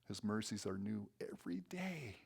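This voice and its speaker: A man preaching a sermon as a guest speaker in a church, earnest and sometimes quickening with excitement. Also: on the low side, creaky, husky. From North Dakota. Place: church sanctuary.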